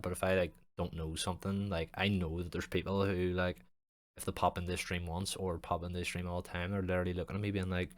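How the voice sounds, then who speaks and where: A man's voice: deep voice, no echo. A young man hosting a casual podcast, rambling loosely and swearing heavily with a jokey tone. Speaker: podcast host and streamer.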